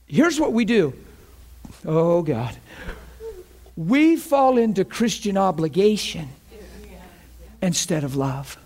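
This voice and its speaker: A man gives a lively sermon, with a voice that sits high and swings up and down a great deal. He tells stories, laughs often and acts out the voices of the people in them. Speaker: preacher. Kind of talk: sermon storytelling.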